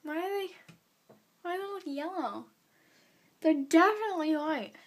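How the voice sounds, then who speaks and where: A teenage girl vlogging at home into her camera's built-in mic, chatty and full of fillers, drawing her phrases out slowly. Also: very high-pitched. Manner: chatty, filler-heavy, drawn-out slow phrasing. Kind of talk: casual vlog, teaching basic Spanish phrases. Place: home, indoors.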